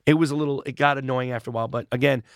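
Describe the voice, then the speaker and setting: A man in his forties, a guest chatting casually in an interview and acting out quotes as he tells animated stories. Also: medium pitch, racing, vocal fry. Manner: animated storyteller who acts out quotes, swears casually.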